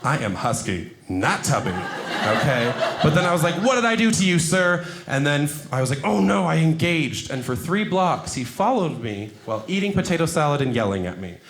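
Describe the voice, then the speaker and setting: A young man doing a stand-up comedy set, self-deprecating and animated, jumping into high put-on voices for quotes. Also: moderate pace, background noise. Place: comedy club stage before a laughing audience. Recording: roomy club sound, audience laughter.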